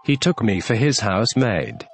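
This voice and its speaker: A man voicing a curious, polite young girl in a storybook reading, gently wondering aloud to herself. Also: lowish voice, big pitch swings, normal speed, slightly rough, soft background music, full character voice.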